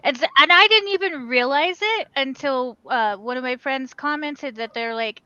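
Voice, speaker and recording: Woman on a podcast, kinda high voice, chatty, dead dry muffled mic. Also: moderate pace, hardly any pauses, pushed and bright, no echo. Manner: chatty, reads news aloud with stumbles. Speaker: podcast co-host. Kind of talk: casual chat. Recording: dry, dull-sounding mic.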